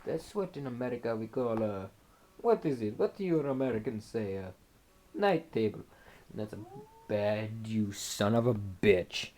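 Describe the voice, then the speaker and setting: Rambling teen boy with a lively voice. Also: mid-range voice, normal speed. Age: teens. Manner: rambling, jokey, talks to a cat. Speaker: vlogger. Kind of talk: casual chat to camera. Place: bedroom at home.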